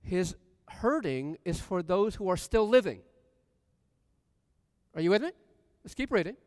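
A man's voice: high-pitched, animated, a little slow, a little mellow, no room sound, long reverb tail. A man preaching a sermon in a church, reading scripture aloud and asking the congregation questions. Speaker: pastor. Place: church sanctuary.

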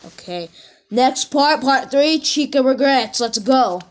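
A woman rambling excitedly through casual reaction commentary, talking straight to her viewers. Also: high-pitched, takes it slowly. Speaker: reaction video host. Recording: music under the voice. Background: video music playing.

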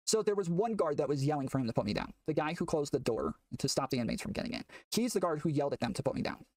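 A man telling a long story in casual chat, rambling with many fillers and getting excitable, recorded from a distance off the mic. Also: on the high side, rapid-fire, no room sound. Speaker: guest telling a prison story.

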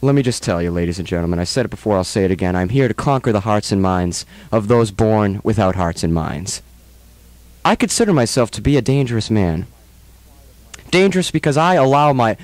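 A man's voice: lively intonation, a little fast, dry recording. Theatrical man hosting a radio show. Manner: theatrical, swings between loud and low mock-serious tones. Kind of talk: rambling comedic radio banter.

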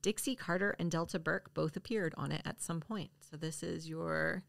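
A woman's voice: low-pitched, moderate pace, vocal fry, no room sound, clean studio sound. A woman co-hosting a podcast in casual chat, thoughtful, reading out facts and laughing easily. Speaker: podcast co-host.

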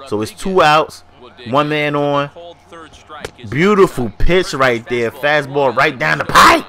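A man's voice: a little high, animated, slow pace, sharp tone. A man with a stuffy nose giving casual, hyped gameplay commentary, slangy and talking straight to his viewers. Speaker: gaming YouTuber.

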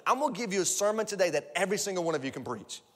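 A male pastor preaching a sermon, energetic and repetitive, building up to shouts. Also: high-pitched, very fast. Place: large church auditorium. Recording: echoey large hall.

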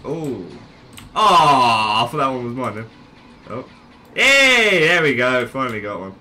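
Bright-voiced young man gaming. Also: medium pitch, lively intonation. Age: young adult. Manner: unhurried, swearing, laughing at his own plays. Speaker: gaming channel host. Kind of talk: casual gameplay commentary.

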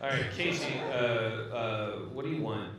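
A man's voice: mid-range voice, very noisy. A man hosting a live comedy show, bantering in a dry, teasing way. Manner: dry, teasing, quick with asides. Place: live show in a large echoey venue. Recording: echoey venue audio, distant mic, loud crowd.

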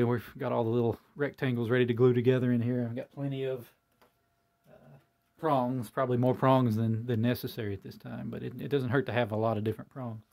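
Gravelly guy rambling casually about his hobby, folksy and self-deprecating, lots of uhs. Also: mid-range voice, a little mellow. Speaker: hobby channel host. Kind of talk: casual talk to camera.

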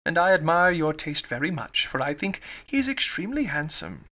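A man's voice: fairly high pitch, sing-song, a little fast, bright, forceful tone, heavily acted. A man voicing a cheerful, talkative young woman in an audiobook, gushing along in chatter.

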